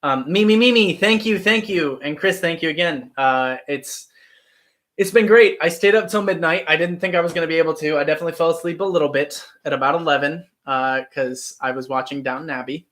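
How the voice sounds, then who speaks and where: Talkative Midwestern American man, slightly high voice. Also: fairly quick, a bit bright. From Ohio, United States. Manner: thoughtful, rambling with many restarts. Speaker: YouTube livestream host. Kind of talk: casual livestream chat.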